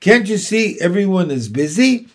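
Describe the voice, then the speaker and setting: A man's voice: sits high, sing-song, moderate pace, pitched above the performer's own voice. A man reading aloud from a storybook, voicing an impatient farm mother who gives curt commands.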